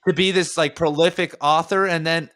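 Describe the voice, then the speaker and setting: A man's voice: fairly high pitch, steady tone, normal speed, a bit bright. Rambling, filler-heavy male podcast host. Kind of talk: casual podcast conversation.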